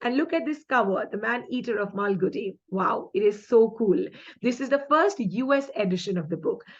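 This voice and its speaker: A woman's voice: fairly high pitch, expressive, normal speed, lo-fi sound. A woman with an Indian English accent running a quiz-style exam-prep lesson, chatty and upbeat, mixing in Hindi asides.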